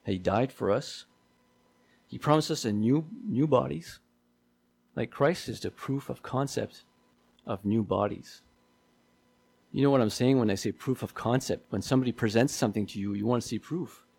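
A man's voice: medium pitch, moderate pace, creaky, long pauses, darkish tone, slightly rough. A man preaching a sermon in a conversational way, often repeating himself and asking his listeners questions.

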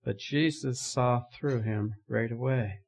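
A man's voice: medium pitch, takes it slowly, vocal fry, husky. A man preaching a sermon as pastor, telling a story with emphatic, dramatic delivery.

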